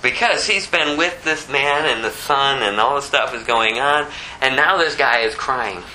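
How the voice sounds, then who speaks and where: A man preaching an expository sermon, shifting between low scripture reading and high, pleading acted prayers, with a conversational delivery full of asides. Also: a little slow, sharp tone, a little hiss or hum, poor audio.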